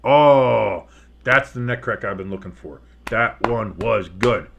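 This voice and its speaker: A man's voice: fairly low pitch, takes it slowly, gravelly, dull audio, background noise. A tired, yawning man calls a football game play by play from his home setup. His delivery is loose and chatty, and he drifts from the action into scores and side remarks before snapping back to the snap. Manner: casual, breaks off the play calls into asides and scores. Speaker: play-by-play commentator. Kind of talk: home-made live game commentary. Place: home studio with a dog and fireworks outside.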